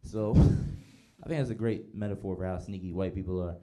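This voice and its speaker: A man's voice: sits low, fairly even intonation, normal speed, heavy background noise. A man performing a stand-up comedy set with a laid-back delivery. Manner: laid-back delivery, acts out quoted voices. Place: live comedy show with audience.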